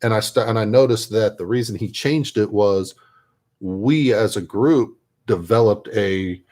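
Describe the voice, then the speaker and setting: A man's voice: fairly low pitch, unhurried, darkish tone. A man telling a rambling, self-interrupting tabletop gaming story in a casual way while painting at his hobby desk. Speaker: miniature painter and tabletop gamer.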